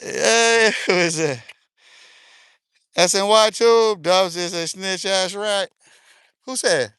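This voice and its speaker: A middle-aged man chatting on a livestream while he walks outdoors in a park, reading comments aloud into his phone. His voice sits high and sounds bright and smooth, with a dry, close sound. He talks loudly, laughs a lot and uses profane street slang. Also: slow pace, no room sound. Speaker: livestream host.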